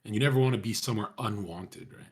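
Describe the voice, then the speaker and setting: A man's voice: on the low side, fast, darkish tone. A young man talking casually to his viewers, rambling in slang, swearing often and calling everyone bro. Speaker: streamer talking to chat.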